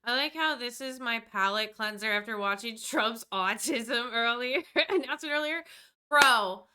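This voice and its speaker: Woman streamer, sarcastic reaction chat, bright crisp voice, a bit high. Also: normal speed. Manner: sarcastic, joking asides. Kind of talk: casual reaction commentary.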